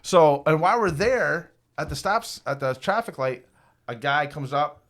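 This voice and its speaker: A man in his fifties telling a long, rambling, profane story on a podcast, lively when quoting people. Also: fairly high pitch, measured pace. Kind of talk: casual storytelling.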